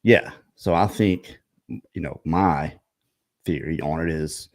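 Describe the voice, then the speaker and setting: A man with a remarkably deep, low-pitched voice tells a story in relaxed conversation. He rambles, restarts his sentences and clears his throat often as he goes. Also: slow. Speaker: show host and researcher. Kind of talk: casual storytelling chat.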